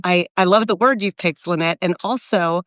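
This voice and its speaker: A woman's voice: lowish voice, normal speed, a bit bright, dry recording, studio quality. A woman in her forties in casual, reflective chat, rambling with many fillers and restarts. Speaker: co-host of a live video chat.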